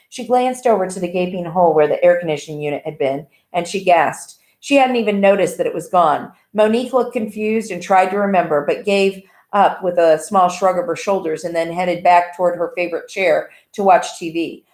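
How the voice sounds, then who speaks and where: A woman reading a novel aloud in an even, plain way with small slips. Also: lowish voice, fairly quick, hardly any pauses. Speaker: audiobook reader. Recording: echoey room.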